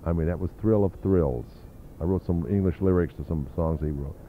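An older man with a very low voice tells long, rambling stories from his past, stopping often to hunt for names. The sound is thin and tinny like an old phone-line tape with a faint hiss under it. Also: a little fast. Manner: rambling anecdotal storytelling with fillers. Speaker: interview guest, drummer. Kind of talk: reminiscing interview.

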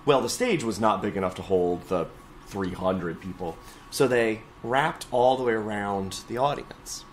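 A young adult man, a choral conductor, telling stories in an oral history interview, lively and expressive as he quotes others. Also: lowish voice, a little slow, slight background noise.

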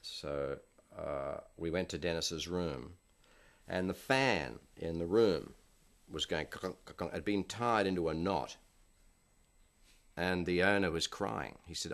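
An older man with a very low voice tells stories from a film shoot in an interview. He keeps a dry, anecdotal delivery and acts out the people he quotes. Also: slow, creaky, a bit bright. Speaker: film director.

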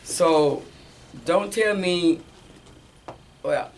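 A woman in a church class explaining herself haltingly, repeating words as she searches for them. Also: on the low side, a little hiss or hum. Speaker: class member. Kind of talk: sharing in a church class discussion.

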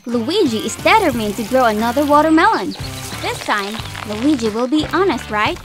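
A woman's voice: fairly high pitch, lively intonation, normal speed, music in the background. A woman narrating a children's toy story, asking playful questions as she tells it.

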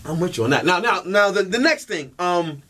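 Lively higher-voiced male host. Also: slight background noise. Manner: playful, quick to laugh, animated questions. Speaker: interview host. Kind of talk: casual interview chat.

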